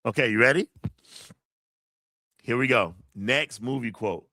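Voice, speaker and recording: A man hosting a casual livestream, excitable, repeating phrases and talking to his chat. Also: medium pitch, a little slow, no room sound, clean studio sound. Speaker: livestream host.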